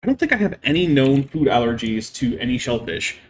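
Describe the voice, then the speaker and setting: A man's voice: medium pitch, sing-song, brisk, a little hiss or hum. A man hosting a live stream, explaining science at length with many "I mean" fillers. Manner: careful, lecturing explanations. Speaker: livestream host.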